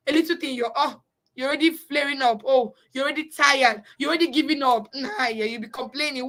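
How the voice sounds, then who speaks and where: A woman's voice: high-pitched, fairly quick, fairly bright tone, poor audio. A woman teaching parents of children with special needs, in an earnest, repetitive way. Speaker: parenting coach. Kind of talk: informal teaching talk.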